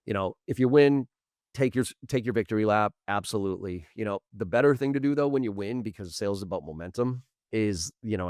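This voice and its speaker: A middle-aged man with a lowish voice, telling sales stories with lively energy. He jumps into quoted voices and restarts his sentences often. The sound is close and dry. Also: no echo. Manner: animated, acts out quotes, many restarts. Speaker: sales trainer, podcast guest. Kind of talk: casual interview storytelling.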